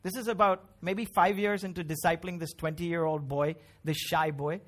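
Middle-aged pastor, man, higher-pitched, chatty yet emphatic preaching. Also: fairly even intonation, moderate pace, a bit bright. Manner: conversational, emphatic preaching with frequent tag questions. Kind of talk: sermon.

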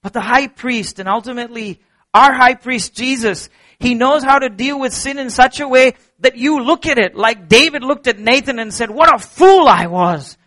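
Middle-aged man, pastor, sermon, high voice, bright tone, earnest, swings between soft and emphatic. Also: moderate pace. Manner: earnest, rising to emphatic peaks and dropping to soft low passages.

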